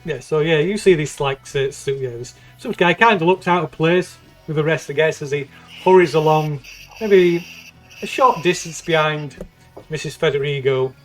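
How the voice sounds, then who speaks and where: A man narrates a tabletop game as game master, stopping and restarting his sentences often. His voice sits a little high, with faint music in the background. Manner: halting, full of ums and restarts.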